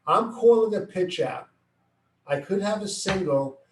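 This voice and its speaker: A middle-aged man coaching baseball, explaining plays step by step and acting out what he yells at players. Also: high voice, expressive, unhurried. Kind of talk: coaching instruction. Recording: echoey room, far from the mic.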